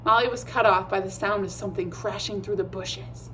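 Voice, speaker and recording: Woman narrator for a chapter book, steady and measured, mid pitch. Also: slight background noise, low-quality recording. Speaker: audiobook reader. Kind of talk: storybook narration.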